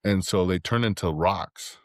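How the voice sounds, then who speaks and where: A man's voice: deep voice, measured pace, dry recording, clean studio sound. A man, a podcast guest from Texas, telling stories in casual, rambling chat and swearing freely.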